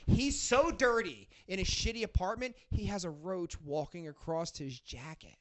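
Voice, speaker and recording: A man's voice: high voice, expressive, moderate pace, hardly any pauses, a bit bright. A man guest on a podcast, telling rambling, profanity-laced stories in casual chat. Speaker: podcast guest, rock band frontman.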